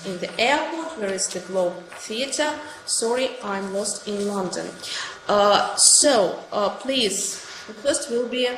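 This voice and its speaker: Brief: Russian-accented woman teacher, higher voice, encouraging with praise, echoey room with faint hiss. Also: a bit bright. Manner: encouraging, thanks and praises each answer. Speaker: English teacher. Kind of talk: online class quizzing students.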